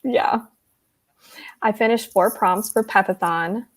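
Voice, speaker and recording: A woman's voice: mid-range voice, takes it slowly, slightly rough. A young woman hosting a casual livestream chat, giggly and rambling, filling her talk with "like". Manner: giggly, chatty, rambling with many "like"s. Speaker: host reading live chat.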